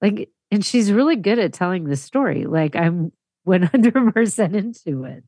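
A woman's voice: mid-range voice, lively intonation, moderate pace, mellow, no echo. A woman co-host chatting engagedly about a story she heard. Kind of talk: casual discussion.

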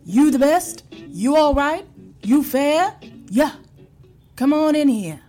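A woman voicing a frightened backwoods man in a folk tale, calling out loudly in a raised voice. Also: lively intonation, takes it slowly, soft background music. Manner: loud, high, pleading.

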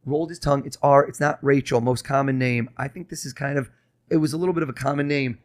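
A man with a steady, medium-pitched voice is a mentalist guest on a podcast. He runs a mind-reading trick, keeping up fast, insistent showman patter.

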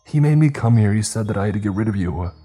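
A desperate young man pleads and whines in a raised, shaky register, as a man puts him on in a storybook reading. The voice keeps a husky grain under the pitch. Faint music plays behind. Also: animated, quick pace, mellow. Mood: pleading. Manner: whining, begging.

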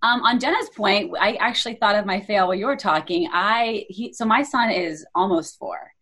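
A woman's voice: medium pitch, normal speed, a bit bright. A woman in her thirties co-hosting a podcast, chatty and self-deprecating, cursing casually as she tells stories about her young son. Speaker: podcast co-host. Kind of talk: casual chat.

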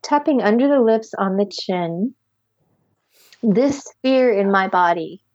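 A woman guiding a tapping session with calm step-by-step instructions, sighing deeply between phrases. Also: slow, no echo, dull audio. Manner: calm step-by-step instructions, leading group repetition. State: deep audible sighs and yawns between phrases. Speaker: tapping practitioner. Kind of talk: guided tapping session with breathing.

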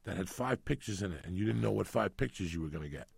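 A man's voice: sits low, quick pace, no room sound. A middle-aged man from New York City telling rambling, profanity-laced stories in a casual chat. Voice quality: gravelly, husky. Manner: profane, rambling, animated storyteller.

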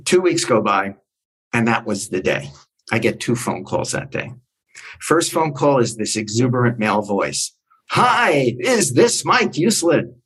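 Husky older man telling animated stories. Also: moderate pace, low-quality recording. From New Jersey. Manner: acts out quoted voices with big pitch jumps. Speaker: guest storyteller. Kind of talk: animated anecdotal storytelling.

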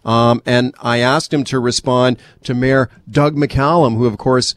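A male radio host leads a political chat, asking lively follow-up questions in a conversational way. His voice sits at a middle pitch, recorded on a studio microphone. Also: measured pace, no echo. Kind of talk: radio talk show hosting.

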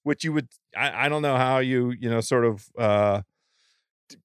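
A man's voice: medium pitch, moderate pace, clean tone, no room sound, clean studio sound. A man co-hosting a podcast, chatting casually about golf in a laid-back way with lots of fillers. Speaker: podcast co-host.

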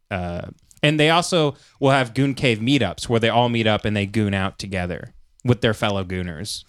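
Smooth dry-voiced podcast co-host. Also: male voice, fairly low pitch, dry recording. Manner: rambling, deadpan explaining, frequent restarts. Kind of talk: casual comedy podcast chat.

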